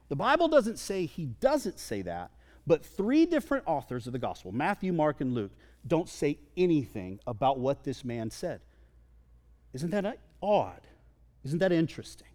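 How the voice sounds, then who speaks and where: A pastor preaches a sermon to his congregation in a church sanctuary, lively and conversational, joking with the crowd. His voice is on the high side and unhurried, with frequent pauses. The long reverb of a large hall fills the recording.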